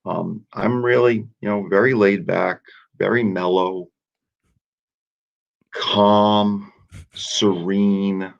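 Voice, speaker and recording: A man's voice: deep voice, a little slow, gravelly, muffled recording. A man, a soccer coach, chatting in a casual radio interview, joking about himself and often restarting his sentences. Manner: self-mocking, restarts often.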